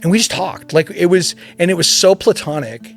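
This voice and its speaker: A man around fifty, a podcast guest, telling a story in casual chat, animated, acting out voices and laughing often. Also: sits high, fairly quick, vocal fry, soft background music.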